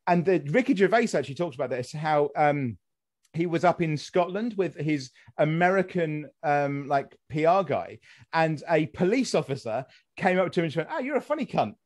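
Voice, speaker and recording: British man, fairly high voice, swearing. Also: animated. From Britain. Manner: swears freely, tells anecdotes with quick restarts. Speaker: podcast host. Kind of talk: casual podcast conversation.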